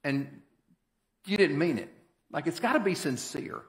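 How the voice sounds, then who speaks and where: A man's voice: on the high side, animated, unhurried. A man preaching a sermon as pastor, in a folksy, conversational and emphatic way. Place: church sanctuary. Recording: echoey church hall.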